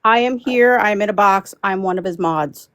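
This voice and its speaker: A woman's voice: mid-range voice, normal speed, fairly bright tone, no echo. A woman moderator on a live stream, frightened and stammering.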